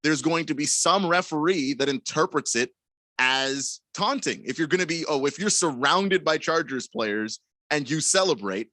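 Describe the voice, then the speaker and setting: A man co-hosting a casual sports talk radio show, arguing his points in quick, opinionated bursts. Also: fairly high pitch, expressive, sharp tone, no echo.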